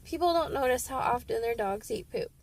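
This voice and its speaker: A woman's voice: a little high, expressive, brisk, creaky, a little mellow. A woman who works with dogs, ranting in an exasperated, comic way and laughing often. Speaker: dog care worker. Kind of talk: comic rant.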